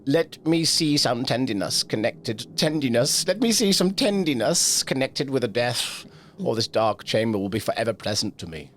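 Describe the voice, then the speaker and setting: A man's voice: medium pitch, expressive, normal speed, fairly bright tone, a little hiss or hum, natural voice. A man voicing a frightened old miser who pleads theatrically with a ghost, in a comic storybook reading. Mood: pleading.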